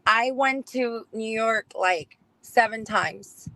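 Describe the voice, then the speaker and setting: Brief: female panelist from Puerto Rico, relaxed, brief replies, somewhat high pitch. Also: slow, dry recording, rough recording. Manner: easygoing, short agreeing replies. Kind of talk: casual online chat. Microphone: video call.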